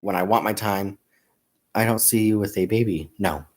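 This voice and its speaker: A man's voice: on the low side, normal speed. A man hosting a crafting livestream, chatting casually and self-mockingly and laughing often. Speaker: crafting channel host.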